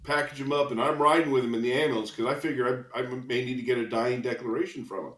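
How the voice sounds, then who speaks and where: A man's voice: medium pitch, fast. Older man telling police stories, roomy sound. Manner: lively anecdotal storyteller, chuckles between lines. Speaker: retired police officer, guest. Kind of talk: storytelling in a podcast interview. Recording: roomy echo.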